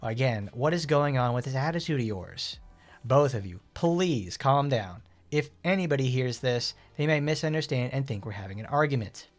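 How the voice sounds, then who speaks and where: A man's voice: mid-range voice, animated, moderate pace, faint music behind, lightly acted. A man reading the lines of an earnest, worried teenage schoolgirl leader from a game story, in a pleading way.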